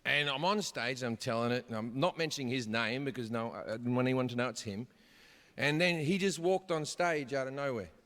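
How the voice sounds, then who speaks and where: A man doing stand-up storytelling, swearing freely and shouting his punchlines, recorded live on a theater stage. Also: medium pitch, brisk. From Australia. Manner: profane, animated, shouts punchlines. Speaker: stand-up comedian. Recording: live hall reverb, audience ambience.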